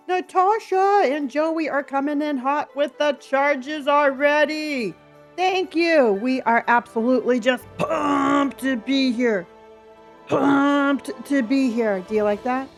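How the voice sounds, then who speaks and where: A woman's voice: high-pitched, slow pace, soft background music. Bubbly woman streamer greeting chat. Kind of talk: casual livestream chat. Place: home.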